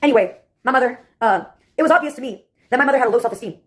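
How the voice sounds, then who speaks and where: Woman, quick talker, sarcastic, rambling vlog monologue, fairly high voice, lots of filler pauses. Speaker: vlogger.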